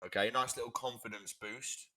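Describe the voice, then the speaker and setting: A man's voice: medium pitch, steady tone, normal speed, sharp tone, no room sound. A young man from England, co-hosting a casual football podcast in a blunt, rambling, sweary way. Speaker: podcast co-host.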